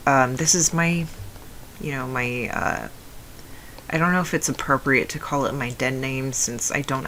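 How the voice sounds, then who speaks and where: Young adult woman, deep low voice, casual rambling storytelling, fillers and restarts, faint noise behind. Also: a bit bright, low-quality recording. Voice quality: low voice often heard as male. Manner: rambling, many fillers and restarts, laughs between phrases. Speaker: video essayist.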